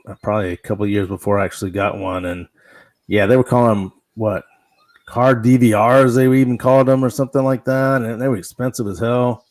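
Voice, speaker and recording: A man's voice: medium pitch, fairly even intonation, fairly quick, darkish tone, dry recording. A man who runs his own dash cam show, chatting casually and explaining gear step by step in a matter-of-fact way. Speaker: fellow dash cam channel host. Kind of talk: casual chat.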